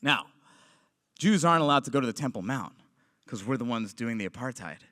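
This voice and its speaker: A man performing stand-up comedy, animated and swinging between loud punch lines and quiet asides. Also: medium pitch, a little fast, no room sound, studio quality.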